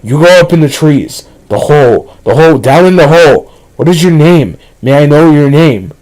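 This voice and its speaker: A man's voice: medium pitch, very animated, measured pace, darkish tone, husky, voice pushed up, poor audio. A man voicing a nameless forest entity that mimics a human voice and keeps repeating its plea to be let in. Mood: insistent. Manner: repetitive, pleading to be let in.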